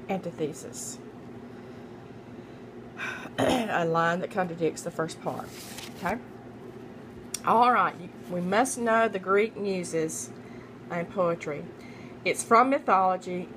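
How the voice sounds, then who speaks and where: A woman's voice: fairly low pitch, slow pace, pauses often, background noise. A young adult woman reading poetry terms aloud as a study guide. She repeats each term, spells names out letter by letter, and stumbles and corrects herself. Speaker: student making a study guide.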